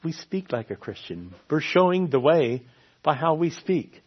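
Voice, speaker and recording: A man's voice: fairly high pitch, big pitch swings, unhurried, slightly rough. A man preaching a sermon in an earnest way, often repeating his key phrases for emphasis. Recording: slightly dull lo-fi sound.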